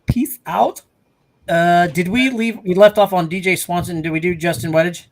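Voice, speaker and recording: Fairly high-voiced man, easygoing. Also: steady tone, brisk. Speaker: podcast co-host. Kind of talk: casual chat about bowling.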